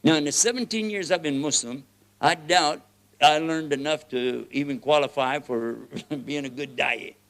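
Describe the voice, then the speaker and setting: A man with a Texan accent preaching a lively, joking sermon, often laughing and swinging between loud and soft. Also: fairly high pitch, moderate pace. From United States.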